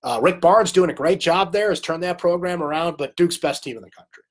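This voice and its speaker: A man's voice: a little high, fairly quick. Man with a cold chatting sports. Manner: conversational, answers viewer comments by name. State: has a cold. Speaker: sports talk host. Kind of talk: live sports recap chat.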